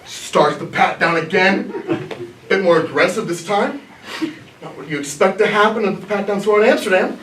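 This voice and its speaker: A man's voice: high-pitched, normal speed, background noise. A young man from Missouri in the US tells a comedic story onstage in a small theater, laughing at his own story. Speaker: improv performer telling a story. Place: small black box theater. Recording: echoey theater, from far off.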